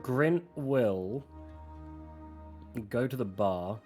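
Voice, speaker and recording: Casting: a mid-pitched player, relaxed and quick, with soft music under him. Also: male voice. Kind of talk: playing a tabletop game.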